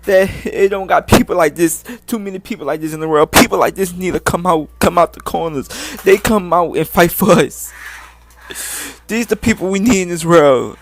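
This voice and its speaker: Crying young man, heartfelt and halting. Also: high voice, soft background music. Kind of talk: emotional casual talk to camera.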